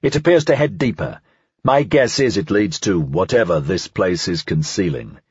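A man's voice: low-pitched, animated, moderate pace, breathy edge, no echo, dull audio, exaggerated voice. A man playing a dry, clipped senior investigator. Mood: measured. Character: seasoned male investigator, dry, measured, in charge.

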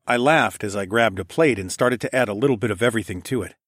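Calm low-voiced male narrator. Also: fast talker, slightly rough, dry recording, studio quality. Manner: calm, even storytelling. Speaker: audiobook narrator. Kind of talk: first-person scripted narration.

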